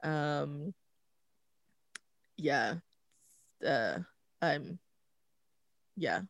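A podcast host talking in a relaxed, hesitant way, with many fillers and restarts, recorded at home. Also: medium pitch, extremely slow, creaky, dry recording. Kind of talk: casual conversation.

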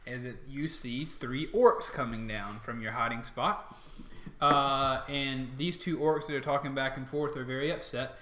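An echoey game master, hesitant. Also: male voice, medium pitch, fairly even intonation, a little slow, fairly bright tone. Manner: hesitant, lots of fillers. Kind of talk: narrating a tabletop game. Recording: echoey room.

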